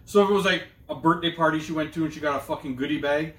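Higher-voiced man telling profane stories. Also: rapid-fire, fairly bright tone, roomy sound, distant mic. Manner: loose, profane storytelling. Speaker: podcast co-host. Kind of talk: casual chat.

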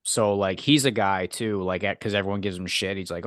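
A very low-voiced man co-hosting a podcast, blunt and clipped, swearing freely. The recording is dry and close, with no room sound. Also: brisk, hardly any pauses, fairly bright tone, no room sound. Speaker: podcast co-host. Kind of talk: casual chat.

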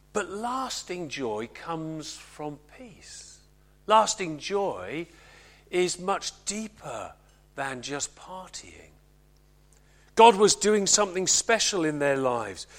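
High-voiced preacher, hushed and earnest. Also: male voice. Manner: earnest, slows and drops to a hush on key lines. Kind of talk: Christmas sermon.

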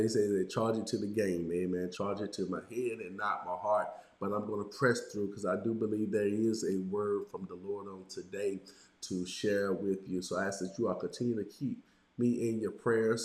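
Sick pastor guy preaching, nasal n congested, bit raspy, says amen constantly, echoey room. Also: fairly low pitch, flat delivery, moderate pace. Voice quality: slightly raspy. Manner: punctuates lines with "amen". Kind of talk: sermon.

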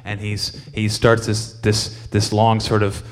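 A man's voice: lowish voice, completely flat delivery, slow, slight background noise. A man telling a long, rambling story to an audience between songs, with many fillers and restarts, laughing as he goes.

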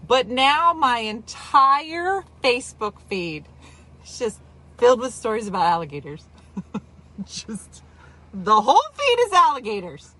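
A woman from New Jersey telling a story in casual chat, animated and exaggerated, with quick asides. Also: mid-range voice, slightly rough.

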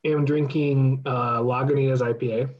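A man's voice: medium pitch, fairly even intonation, normal speed, dull audio. A man from California co-hosting a casual podcast, talking in a mock-dramatic, theatrically emotional way. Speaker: podcast co-host.

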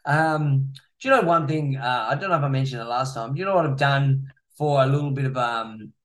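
A man's voice: mid-range voice, a little fast. A man hosting a podcast and running a gym, rambling in casual chat with plenty of swearing and fillers. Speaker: podcast host, gym owner.

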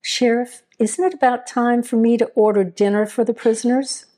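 A woman doing a brisk, polite office clerk. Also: fairly high pitch, fairly even intonation, dark tone, pitched above the performer's own voice, lightly acted. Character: efficient, polite female sheriff's office clerk.

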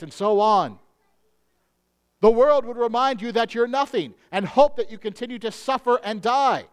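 A male pastor preaching a sermon in an earnest manner, slowing down on key phrases. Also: high voice, clear, resonant tone.

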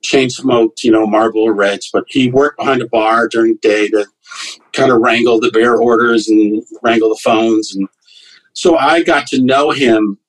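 A man's voice: mid-range voice, fairly even intonation, moderate pace, rough recording. A man, a comedian guest, telling loose anecdotes with fillers and restarts in a casual interview.

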